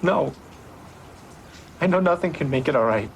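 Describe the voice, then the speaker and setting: Remorseful young man, quiet, halting, TV drama, faint hiss. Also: on the high side, animated, creaky. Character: remorseful young man apologizing, guilt-stricken. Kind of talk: television drama acting.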